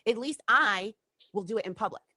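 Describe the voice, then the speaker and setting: A woman's voice: medium pitch, a little fast, sharp tone, slightly rough, no room sound. A woman on a livestream, heatedly accusing someone and swearing. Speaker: livestreamer in a clip. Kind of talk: confrontational livestream rant. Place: home.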